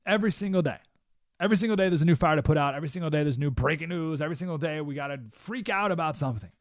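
A man's voice: on the high side, racing, dry recording, studio quality. Emphatic male radio talk host. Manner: emphatic, rhetorical questions, keeps asking "right?". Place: radio studio.

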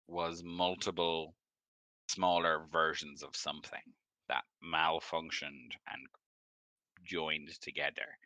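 Man GM, deep and bright, loose rambling narration, dry mic. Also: no room sound. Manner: rambling, filler-heavy description. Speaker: game master. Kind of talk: narrating a tabletop game.

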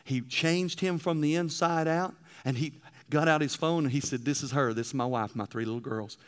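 A male preacher delivering a sermon, telling stories and swinging between loud emphasis and hushed passages. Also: a little high, normal speed, clear, resonant tone.

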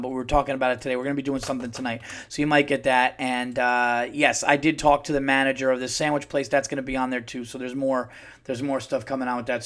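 A man hosting a solo podcast, telling stories in an animated, profane, worked-up way. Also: mid-range voice. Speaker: podcast host. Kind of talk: casual solo podcast storytelling.

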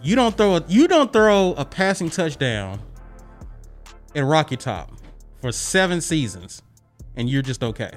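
Animated ranting man on a podcast. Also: fairly high pitch, unhurried, long pauses, faint music behind. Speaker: podcast co-host. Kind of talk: casual sports banter. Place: podcast studio.

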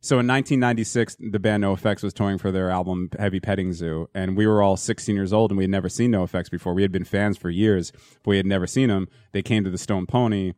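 Low-voiced man in his forties chatting. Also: fast, no room sound, studio quality. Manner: relaxed, reminiscing, some restarts. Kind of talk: casual chat.

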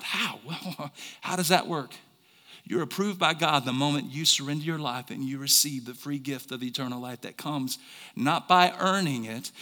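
A man preaching a sermon as a pastor, swinging from quiet talk to shouts and asking the congregation questions. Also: fairly high pitch, long reverb tail. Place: church service.

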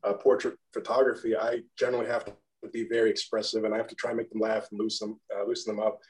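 Monotone man, modest and rambling. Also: lowish voice, fast, poor audio. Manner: self-deprecating, rambling, laughs often. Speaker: guest photographer and graphic designer. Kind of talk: casual interview chat.

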